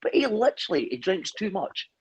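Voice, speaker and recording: A man's voice: sits high, sing-song, a little fast, slightly rough, low-quality recording. A man telling stories in casual chat, laughing often and swearing.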